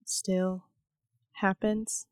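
A woman from the American Midwest, co-hosting a casual podcast chat. She talks in a chatty way with wry quips and quick reactions, in a mid-range voice. The sound is dry and close to the mic. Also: medium pitch, little pitch movement, no room sound. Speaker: podcast co-host.

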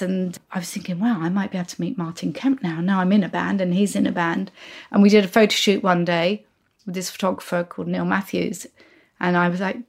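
Woman in her sixties, podcast guest, slightly gravelly voice, animated storyteller who acts out quoted voices. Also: mid-range voice. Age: 60s. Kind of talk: anecdotal storytelling.

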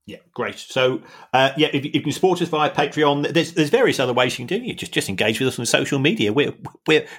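A man's voice: medium pitch, animated, quick pace, hardly any pauses, a bit bright. A man co-hosting a podcast in casual chat, stumbling and repeating words, with self-mocking asides. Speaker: podcast co-host.

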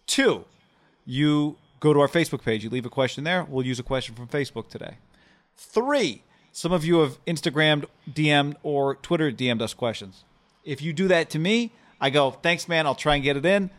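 A man's voice: fairly high pitch, lively intonation. A man co-hosting a casual sports podcast, rattling through ad reads and mailbag questions. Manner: rapid ad reads, playful. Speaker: podcast co-host.

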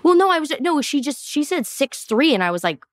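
A woman's voice: high-pitched, a little fast, no echo. A Canadian woman in her forties tells a story as a podcast guest, bringing the people in it to life through quoted lines. She is full of fillers, and her voice sounds dry and close on a studio mic. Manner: animated, acts out quoted dialogue, many "like" fillers. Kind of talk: casual storytelling chat.

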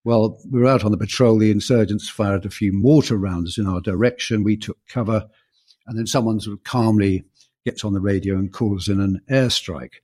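A middle-aged British man co-hosting a history podcast, talking in a measured, reflective way with fillers as he tells a story. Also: fairly low pitch, fairly even intonation, a little mellow, breathy edge. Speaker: podcast co-host. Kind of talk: conversational history podcast chat.

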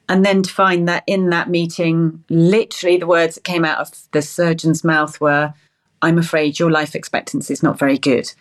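A middle-aged woman guest, speaking haltingly and close to tears. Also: lowish voice, little pitch movement. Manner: halting, emotional, many restarts. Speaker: interview guest.

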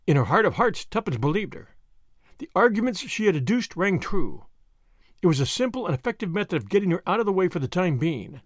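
A man reading a novel aloud with expressive storytelling delivery. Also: high voice, brisk, no room sound, studio quality. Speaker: audiobook narrator. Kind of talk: scripted novel narration.

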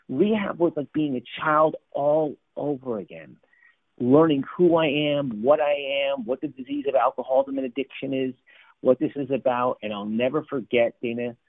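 A man from New Jersey, a life coach and guest, telling his recovery story in an animated, emphatic way. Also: mid-range voice, vocal fry, dry recording. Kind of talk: recovery story told in a radio interview. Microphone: phone line. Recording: tinny phone line, dry.

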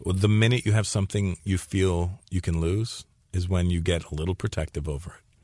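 A man's voice: low voice, a little fast, dry recording. A man in his forties from Canada, a comedian telling stories in an interview and restarting phrases as he goes. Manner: animated storyteller, repeats phrases as he restarts. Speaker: comedian guest. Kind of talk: conversational storytelling interview.

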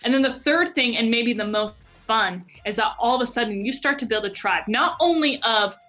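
A woman's voice: fairly high pitch, normal speed, faint music behind. A woman who runs a marketing agency, talking as a guest in an enthusiastic, conversational way and acting out other people's voices as she tells stories. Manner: animated, acts out quoted voices.

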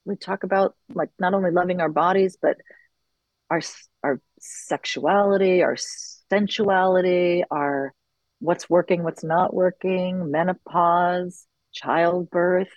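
A middle-aged woman who leads sharing circles, talking earnestly and reflectively in an interview, with lively bursts when she quotes others. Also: on the low side, takes it slowly, no echo, poor audio. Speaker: circle facilitator. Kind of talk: conversational interview.

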